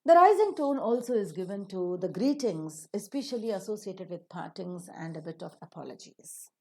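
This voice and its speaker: Woman teaching intonation, mellow voice. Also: medium pitch, expressive, normal speed. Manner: demonstrates intonation with exaggerated rising and falling examples. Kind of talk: recorded online lesson.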